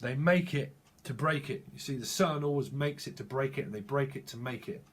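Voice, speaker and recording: Husky guy doing a tarot reading, wanders word to word, chuckly. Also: mid-range voice, brisk. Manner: free-associating, wordplay, chuckles. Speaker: tarot reader.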